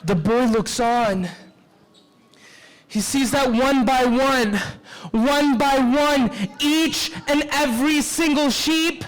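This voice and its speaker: A man telling a story to children at a live convention session, expressive and engaging the audience with call-and-response. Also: very high-pitched, slow, low-quality recording.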